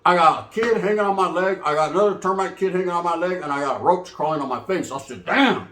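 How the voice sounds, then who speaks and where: A man's voice: high-pitched, quick pace, fairly bright tone, echoey room, a little hiss or hum. A man telling a profane comic story in a rambling, casual way, switching into voices for the people in it.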